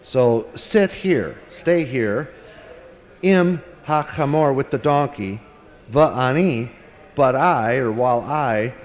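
A man delivers a verse-by-verse scripture lecture at an unhurried, measured pace, stopping often to weigh individual words. His voice sits in an ordinary middle register. The recording carries a long, lingering reverb, as if he is speaking in a large hall. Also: mid-range voice. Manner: deliberate, translating word by word with frequent pauses and fillers. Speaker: Bible teacher.

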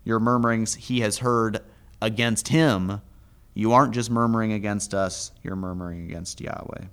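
A man teaching a Hebrew Bible lesson, methodically reading the verses aloud slowly and explaining the grammar. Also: on the low side, fairly even intonation, fairly bright tone, smooth.

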